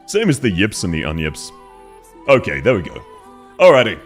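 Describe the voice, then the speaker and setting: A man streaming live, talking casually in a calm, lower, relaxed speaking voice. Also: normal speed, soft background music.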